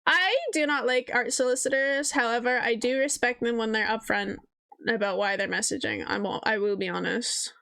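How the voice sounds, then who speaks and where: A woman's voice: on the high side, steady tone, normal speed, vocal fry, fairly bright tone. A young woman streaming live as an artist, chatting casually in a blunt, profane way and often mimicking people. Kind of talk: casual livestream chat.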